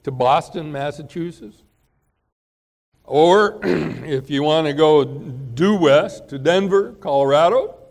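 A man delivers a sermon at an unhurried pace, in a fairly high voice for a man. His talk is loose and conversational, with frequent pauses, fillers and throat clearing. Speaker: pastor.

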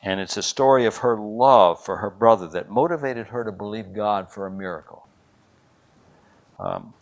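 An older man preaching a sermon and telling a story, swinging between loud, dramatic lines and hushed ones. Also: on the low side, very animated, normal speed, creaky. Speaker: pastor.

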